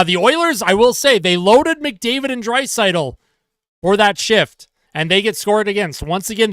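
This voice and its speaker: High-voiced fan doing rapid play-by-play. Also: male voice, a bit bright, smooth, dry recording, studio quality. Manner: fast play-by-play, exasperated and sarcastic at his team. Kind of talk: live fan play-by-play commentary.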